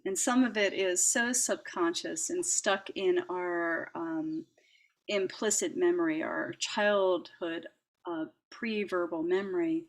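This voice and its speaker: A woman hosting a reflective personal talk, speaking gently with frequent laughs, fillers and restarts. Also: on the low side. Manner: gentle, warm-hearted, laughs often, many fillers and restarts. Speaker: host.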